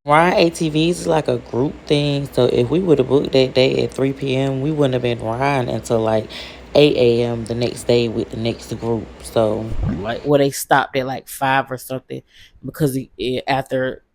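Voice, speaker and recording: A woman's voice: extremely low pitch, fairly even intonation, moderate pace, creaky, darkish tone, a little hiss or hum. A woman vlogger casually telling a travel story, loose and slangy with lots of fillers.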